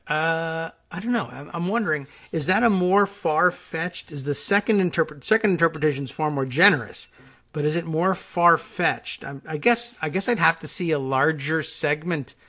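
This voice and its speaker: Male radio host, fairly high voice, wry and musing, rambling monologue. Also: fairly bright tone. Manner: wry, musing, conversational with frequent restarts. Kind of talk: political talk radio monologue.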